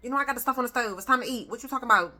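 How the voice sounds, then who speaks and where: A woman voicing an impatient, hurried mother who scolds her child in a snappy way. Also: on the high side, pushed and bright, pitched above the performer's own voice.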